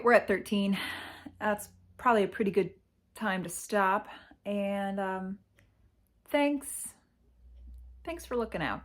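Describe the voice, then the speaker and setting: A medium-pitched woman vlogger talks candidly from her parents' house in a confessional style. She's reflective and halting, sighing and pausing as if close to tears.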